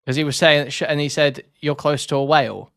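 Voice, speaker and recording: A man's voice: a little high, steady tone, fast talker, gravelly, a bit bright, clear, resonant tone. A man hosting a reaction commentary stream, ranting sarcastically and swearing as he talks to his chat.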